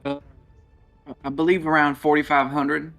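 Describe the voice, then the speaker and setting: A man's voice: fairly high pitch, flat delivery, normal speed, bright, forceful tone, soft background music. A man playing a tabletop game, answering hesitantly with stumbles and fillers. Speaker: player. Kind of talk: in-character tabletop play.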